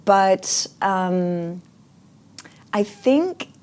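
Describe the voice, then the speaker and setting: A woman's voice: medium pitch, lively intonation, drawn-out words, a little mellow, smooth. A woman talking as an interview guest in a casual, earnest and reflective way, with frequent fillers.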